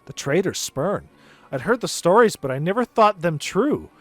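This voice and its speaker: A man's voice: high voice, big pitch swings, normal speed, soft background music, pitched below the performer's own voice. A man voicing a frail grieving old woman who wails in a folksy dialect, reading game dialogue aloud. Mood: mournful. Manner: dramatic folksy dialect, wailing.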